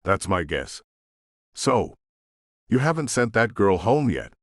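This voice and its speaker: A paranoid male hacker, voiced by a man reading an audiobook, who answers in curt, dismissive bursts. His voice sits low but moves around a lot in pitch. The sound is dry and close, with no room around it. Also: very animated, slow pace, no echo. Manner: clipped, dismissive. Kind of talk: audiobook character voice.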